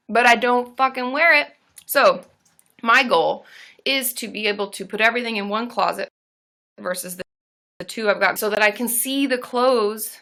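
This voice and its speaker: A woman's voice: on the high side, sharp tone. A woman therapist hosting a casual livestream from home, bubbly and chatty, greeting viewers with squealed cheers and casual swearing.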